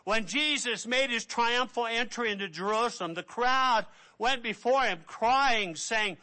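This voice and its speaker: A man preaching a sermon, telling the story in an animated way and acting out the people in it. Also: sits high, measured pace, few pauses. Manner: animated storytelling with acted-out voices.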